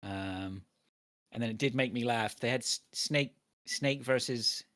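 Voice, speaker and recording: A man's voice: medium pitch, measured pace, fairly bright tone. A man co-hosting a podcast in loose casual chat, swearing and laughing often. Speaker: podcast co-host.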